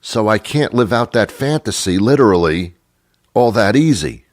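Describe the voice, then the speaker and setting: A man's voice: on the low side, expressive, moderate pace, no echo. A man hosting a talk show, rambling through a comic monologue in a chatty, self-mocking way. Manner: chatty and self-mocking, slipping into silly put-on voices.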